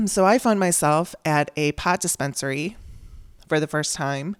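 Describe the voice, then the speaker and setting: A woman's voice: sits low, clean tone, no echo, clean studio sound. A woman hosting her own podcast, telling a personal story in a candid, conversational way and acting out the dialogue she quotes. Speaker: podcast host.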